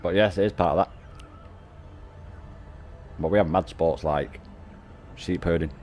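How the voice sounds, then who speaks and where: A man's voice: sits low, unhurried, a little mellow, a little hiss or hum. A man, chatting casually on a game stream, swearing constantly and laughing often as he banters with his viewers. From North West England.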